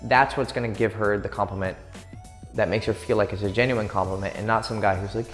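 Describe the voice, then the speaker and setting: Brash, cussing dating coach in an echoey room. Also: male voice, fairly low pitch, fairly even intonation. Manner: brash, crude and swaggering, acts out quick pick-up lines. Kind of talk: profane, direct dating advice. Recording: echoey room with long reverb and faint music.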